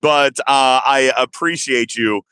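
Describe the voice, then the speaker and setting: Recorded dry and up close, a thirtysomething man hosts a laid-back podcast in a bright, forceful, clean-toned voice, speaking slowly. Playful and lively, he lets his pitch shoot up whenever he gets worked up.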